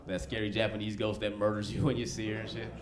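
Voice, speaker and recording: A man's voice: on the low side, level tone, fast talker. A man in his thirties doing a stand-up set in a comedy club, talking loose and slangy. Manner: loose, slangy, conversational delivery. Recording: live club recording, background noise.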